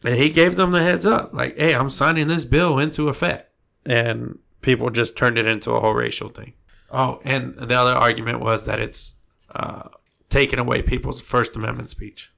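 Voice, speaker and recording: Gravelly, bright-voiced man chatting bluntly. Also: medium pitch, normal speed. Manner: blunt, opinionated, rambling. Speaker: podcast co-host. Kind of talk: casual chat.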